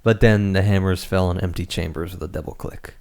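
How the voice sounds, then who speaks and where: A man chatting on a book club podcast in a loose, joking way, with swearing tossed in. His voice sits low and warm. He sounds relaxed and easygoing. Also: brisk. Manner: laid-back, swears freely, jokey asides. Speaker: podcast co-host. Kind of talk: casual book club chat.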